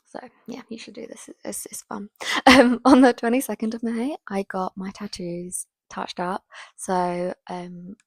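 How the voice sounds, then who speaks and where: A woman in her twenties chatting casually to camera. She rambles along with many fillers and often drops into a soft whisper. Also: medium pitch, level tone, a little slow, vocal fry, breathy edge, no room sound, studio quality. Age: 20s. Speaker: vlogger.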